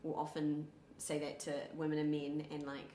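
A woman's voice: low voice, completely flat delivery, moderate pace, dark tone, slight background noise. A young woman with a New Zealand accent chatting casually, rambling with many fillers. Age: young adult. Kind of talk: casual chat. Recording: echoey room.

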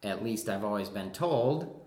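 A man's voice: lowish voice, lively intonation, a little slow, a little mellow. A man from southern Wisconsin with a Wisconsin accent and a nasal voice, who tends to mumble a little as he reads aloud and chats about himself. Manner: slightly mumbling. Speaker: theater actor. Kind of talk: reading aloud and casual personal talk. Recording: roomy echo.

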